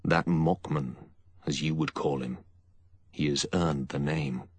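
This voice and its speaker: A man's voice: a bass voice, fairly even intonation, takes it slowly, breathy edge, dry recording, full character voice. A male audiobook narrator voicing a grim male avenger giving cold commands. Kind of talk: audiobook character voice.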